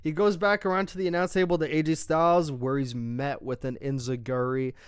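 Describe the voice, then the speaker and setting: A young man rattles off a wrestling recap in a loose, profane, excited way. His voice sits a little high and comes through clear and smooth. The sound is dry, close to the mic. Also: fairly quick, no echo. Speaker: wrestling show reviewer. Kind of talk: casual recap of a wrestling show.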